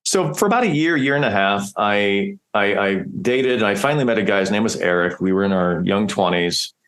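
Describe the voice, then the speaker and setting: A man's voice: fairly low pitch, lively intonation, a little fast, fairly bright tone. A middle-aged man from Nebraska, a podcast guest, telling a personal story in a candid, emotional way and often restarting his sentences. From Nebraska, United States.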